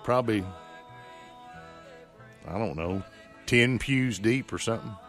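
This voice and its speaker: A man's voice: on the low side, unhurried, fairly bright tone, faint music behind. A male local radio host chatting in a folksy, rambling way, full of fillers and restarts. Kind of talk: casual local radio chat. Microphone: studio microphone.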